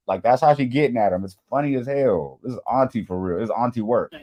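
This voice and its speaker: A man hosting a reaction video, talking in a casual, slangy way and acting out quick impressions of the people on screen. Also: on the low side, mellow.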